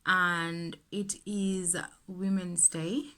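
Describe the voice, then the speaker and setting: Slow, earnest South African woman. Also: on the low side, flat delivery, pushed and bright. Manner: earnest and indignant, speaks in emphatic repetitions. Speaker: YouTuber. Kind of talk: casual get-ready-with-me chat.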